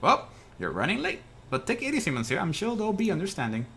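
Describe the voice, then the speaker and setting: A man voicing a young male sparrow fisherman, eager and helpful, reading game dialogue aloud in a high fussing voice. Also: wildly swooping pitch, quick pace, sharp tone, slight background noise, heavily acted.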